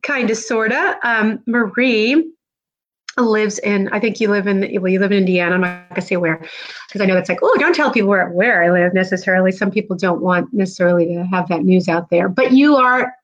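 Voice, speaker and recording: A woman's voice: medium pitch, highs cut off. A middle-aged woman from New Jersey hosting a live stream, chatting casually and rambling with lots of fillers. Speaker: podcast host.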